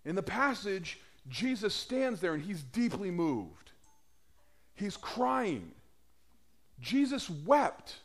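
Lively conversational male preacher. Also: sits high, takes it slowly. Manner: conversational, asks the congregation questions. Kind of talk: sermon.

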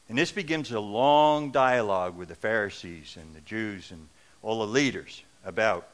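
Bright-voiced preacher giving a sermon. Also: male voice, medium pitch. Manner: conversational, earnest, wry.

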